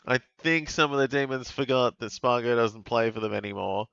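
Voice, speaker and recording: A man's voice: mid-range voice, fairly quick, creaky, few pauses, a bit bright, clean tone, dry recording. A man hosting a live fantasy sports watch-along, chatting and exclaiming as plays happen. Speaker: host. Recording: dull lo-fi dry mic sound.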